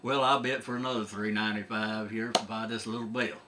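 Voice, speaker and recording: A man's voice: lowish voice, level tone, brisk, background noise. A middle-aged man telling a comic folksy story, drawling and chuckling along. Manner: drawling, laughs at his own tale.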